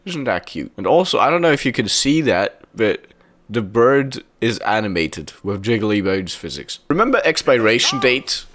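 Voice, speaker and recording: A man's voice: mid-range voice, big pitch swings, normal speed, a bit bright. A young man casually commenting on video game items, chatty and enthusiastic, often laughing.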